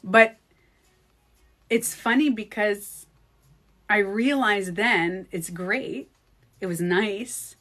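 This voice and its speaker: A woman vlogger in casual storytelling mode. Her voice sits at an ordinary middle pitch. She restarts her sentences and moves between low, confiding asides and quick, excited bursts. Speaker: beauty coach and vlogger.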